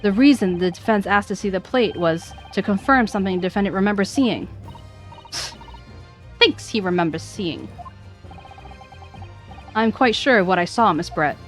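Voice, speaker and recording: A woman's voice: mid-range voice, animated, normal speed, long pauses, faint music behind. A woman streamer reading visual novel dialogue aloud, voicing the characters and stumbling over names.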